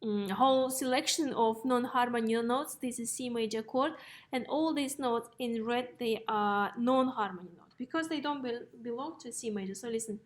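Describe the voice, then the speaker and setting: High-voiced woman teaching music theory. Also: moderate pace. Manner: explains step by step, checks in with "okay?" and "yes?". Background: piano notes played between phrases.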